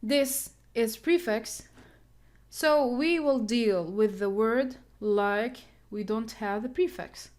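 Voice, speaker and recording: Woman, English teacher, slow pace, fairly high voice, careful, thinks aloud. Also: a little mellow. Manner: deliberate, thinks aloud, unsure at times. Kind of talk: slow classroom-style lesson, counting syllables.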